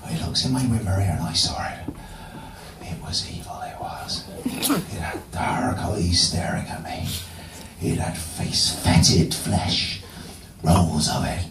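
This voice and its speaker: A man voicing a country minicab driver with a put-on English country accent, telling a spooky tale in hushed tones. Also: on the high side, very animated, normal speed. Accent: generic English country accent, put on. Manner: hushed spooky whispering at times. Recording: roomy distant pub mic with noise.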